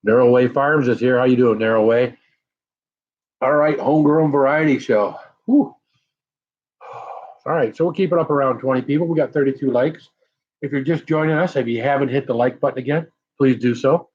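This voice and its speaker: Husky man blowing through chili burn. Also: medium pitch, normal speed, dull audio. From United States. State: mouth burning from hot peppers. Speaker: live-stream pepper challenge host. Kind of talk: casual live-stream chat.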